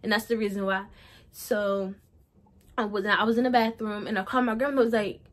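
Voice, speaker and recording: A woman's voice: medium pitch, fairly even intonation, fairly quick. Young woman rambling through a storytime. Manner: rambling, repeats herself while recounting. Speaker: vlogger. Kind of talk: casual storytime.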